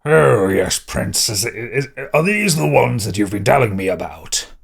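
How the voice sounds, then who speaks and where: A man's voice: mid-range voice, big pitch swings, moderate pace, vocal fry, husky, exaggerated voice. A man voicing a pompous, short, portly male magistrate who talks in a haughty, commanding way.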